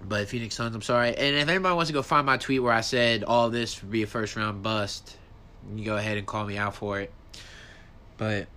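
A man hosting his own podcast, ranting in a casual, profane, animated way, his voice jumping high when he gets worked up. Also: fairly quick. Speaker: podcast host. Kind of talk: solo casual podcast rant.

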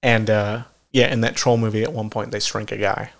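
Rambling, swearing podcast co-host. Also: male voice, fairly low pitch, level tone, a little fast, creaky. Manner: rambling storyteller, swears a lot, laughs at his own stories. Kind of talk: casual chat.

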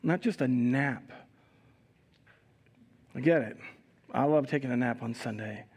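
A male pastor giving a communion sermon in a live church service, reading scripture expressively and adding relaxed, conversational asides. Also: medium pitch, measured pace, breathy edge. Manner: reads scripture expressively, raising voice for quoted speakers.

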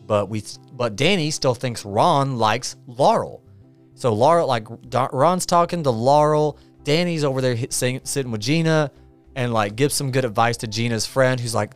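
A male podcast host recaps a movie in a loose, rambling way, full of fillers and amused asides. His mid-pitched voice swings widely as he acts out lines. Faint music plays behind him.

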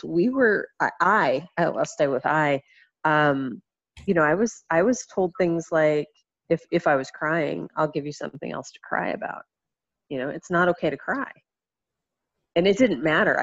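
A woman in casual conversation, speaking reflectively about childhood and family messages, pausing and restarting often. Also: sits low, dry recording, muffled recording. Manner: reflective, halting, many restarts and fillers.

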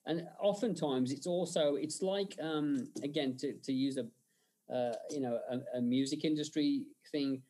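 A man's voice: a little high, measured pace, a little hiss or hum. A man being interviewed, telling stories animatedly with frequent laughs and fillers. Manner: animated storyteller, laughs often, many fillers. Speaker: special-effects artist and director, guest. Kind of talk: casual interview.

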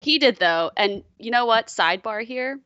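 A woman's voice: on the high side, expressive, moderate pace, pushed and bright, no echo, highs cut off. Candid, profane woman on a podcast. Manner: candid, profane, self-mocking storytelling. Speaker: podcast co-host. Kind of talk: casual chat.

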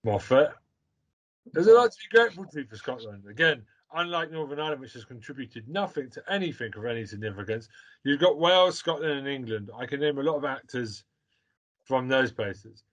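A man's voice: mid-range voice, lively intonation, a little fast. Guy co-hosting a chatty podcast, teasing, lots of likes, mid voice. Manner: bantering, teasing, many likes and fillers. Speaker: podcast co-host. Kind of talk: casual chat.

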